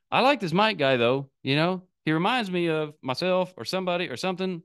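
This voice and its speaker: A man's voice: high-pitched, animated, a little fast, hardly any pauses, fairly bright tone, clear, resonant tone. A man giving a candid, casual motivational talk as an online business coach, cursing freely and acting out his past self.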